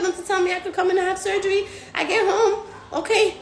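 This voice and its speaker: A woman's voice: very high-pitched, quick pace, few pauses, roomy sound. A woman hosting a casual live stream, slangy and profane, acting out other people's voices as she talks. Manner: animated, acts out patients' voices. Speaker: recovery house host.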